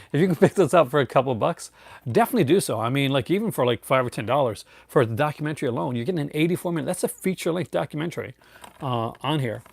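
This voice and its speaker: A man's voice: fairly high pitch, lively intonation, fast talker, gravelly, no room sound. A middle-aged man hosting a casual live chat, rambling with many fillers and restarts and chuckling often. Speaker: host.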